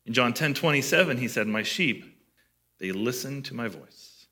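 A man's voice: medium pitch, animated, normal speed, pushed and bright. A man preaching a sermon as pastor, conversational and asking his listeners questions.

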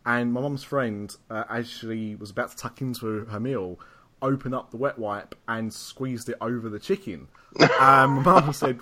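A man's voice: medium pitch, moderate pace, sharp tone. A man hosting a podcast in casual chat, rambling through stories and laughing often. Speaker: podcast host.

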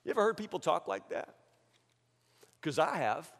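High-voiced preacher in a reverberant hall. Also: male voice, very animated, moderate pace. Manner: dramatic, acts out excuses in mocking voices, swings from loud to hushed. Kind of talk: sermon.

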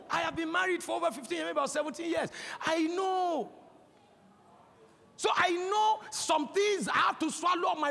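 A man in his forties with a Nigerian accent, preaching a sermon as a pastor, impassioned and breaking into shouts. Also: very high-pitched, vocal fry. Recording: long hall reverb.

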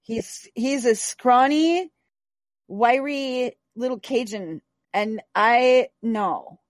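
A woman's voice: fairly high pitch, drawn-out words, dry recording. A woman hosting a podcast, chatting casually and bluntly, swearing freely and stressing her words. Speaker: podcast host. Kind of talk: casual chat.

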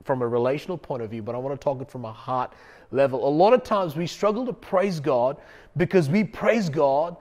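Emphatic pastor preaching. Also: male voice, a little high, fairly quick, darkish tone. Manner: emphatic, repeats key phrases, conversational asides. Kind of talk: sermon.

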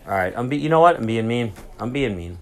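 A man's voice: mid-range voice, lively intonation, fast, a little hiss or hum. A man casually rambling through a solo podcast story from a cruise ship cabin, swearing freely and getting sidetracked. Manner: rambling, profane, easily sidetracked. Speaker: podcast host. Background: public announcements.

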